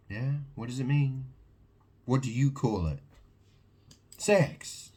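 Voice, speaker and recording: A man's voice: medium pitch, expressive, takes it slowly, long pauses, warm tone, slight background noise. A man delivering a rambling, agitated monologue to camera, preaching and repeating questions at the listener. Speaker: video monologue host.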